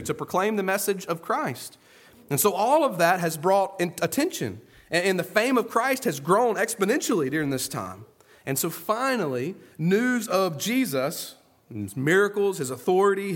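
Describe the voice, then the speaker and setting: A man preaching an earnest sermon, moving between soft, low asides and loud, emphatic stresses. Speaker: pastor.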